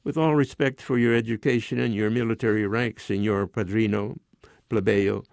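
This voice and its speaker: A proud, stubborn peasant who needles his neighbor with sarcastic questions, as read by a man in his nineties. The voice runs slightly higher than the reader's own, recorded dry and close. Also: fairly even intonation, normal speed, creaky, a little mellow, no room sound. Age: 90s. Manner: sarcastic, indignant.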